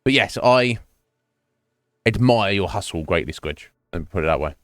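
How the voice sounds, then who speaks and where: A man's voice: low-pitched, lively intonation, moderate pace, fairly bright tone, dry recording, clean studio sound. A man streaming live, chatting casually with his viewers in a rambling, self-mocking way and swearing freely.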